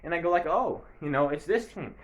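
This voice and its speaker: A man's voice: a little high, expressive, brisk. A man giving a casual, rambling sports recap to camera, breaking into bursts of mock play-by-play hype. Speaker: sports video creator. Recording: echoey room.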